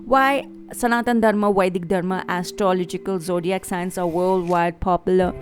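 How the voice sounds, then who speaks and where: A woman's voice: lowish voice, fairly even intonation, moderate pace, soft background music. Fervent Indian-accented woman preaching. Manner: fervent, preachy, with repeated phrases and fillers. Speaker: tarot reader and channel host. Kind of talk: spiritual monologue to camera.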